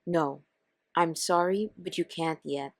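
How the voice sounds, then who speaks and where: A woman voicing a betrayed husband in a scripted text-story reading, firm and measured. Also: fairly low pitch, no echo, clean studio sound, voice pushed down. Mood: stern. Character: stern, betrayed husband and father.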